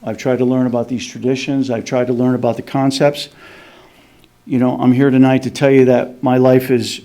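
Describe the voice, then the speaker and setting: A middle-aged man speaking at a recovery meeting, telling a personal story in a halting way, with many restarts and slowdowns for emphasis. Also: medium pitch, level tone, mellow. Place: meeting hall.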